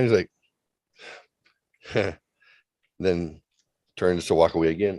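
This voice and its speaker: A man's voice: deep voice, fairly even intonation, slow pace, long pauses, darkish tone, no echo. A man co-hosting a comedy show over a remote call, telling a bawdy story and acting out the other people's lines with playful relish. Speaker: co-host. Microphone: remote video call.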